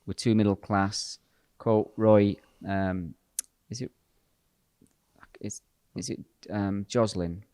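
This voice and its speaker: A man's voice: lowish voice, steady tone, slow, warm tone, dry recording, clean studio sound. A man hosting a podcast discussion, talking bluntly and directly with a joking edge. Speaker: podcast host and pastor. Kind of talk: casual discussion.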